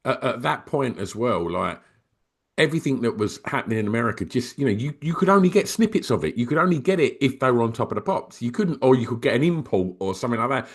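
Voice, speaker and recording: A man's voice: mid-range voice, expressive, quick pace, breathy edge. A man from England hosts a podcast, asking long, meandering questions with enthusiasm. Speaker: podcast host. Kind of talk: casual interview.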